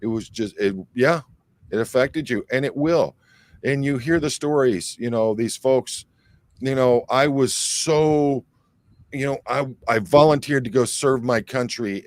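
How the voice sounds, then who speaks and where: A man's voice: medium pitch, a little slow, dry recording. A man from the Detroit area hosting a casual livestream, reading viewer comments aloud and rambling with plenty of fillers. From Michigan, near Detroit. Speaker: livestream host reading chat.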